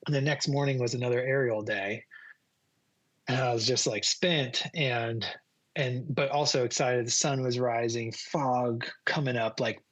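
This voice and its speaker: A man, a guest photographer, telling a story in a casual, animated way and laughing as he goes. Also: mid-range voice, measured pace.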